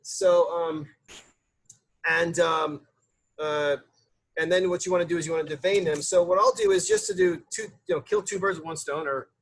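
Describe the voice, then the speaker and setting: A man's voice: a little high, sing-song, moderate pace. A man, a chef, giving a casual cooking demonstration in a loose, chatty way with lots of fillers and restarts.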